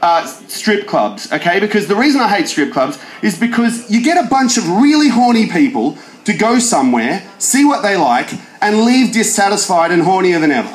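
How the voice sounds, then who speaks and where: Young aussie guy doing standup, high lively voice, echoey pub room. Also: normal speed, hardly any pauses. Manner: animated joke delivery with shouted bits. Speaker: stand-up comedian. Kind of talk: stand-up comedy set. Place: pub comedy stage. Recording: roomy live venue sound.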